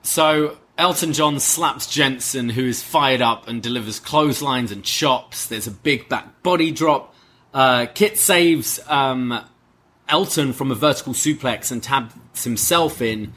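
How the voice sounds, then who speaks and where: A man co-hosting a podcast, giving a relaxed, filler-heavy recap of a wrestling show. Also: mid-range voice, a little slow. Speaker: podcast co-host.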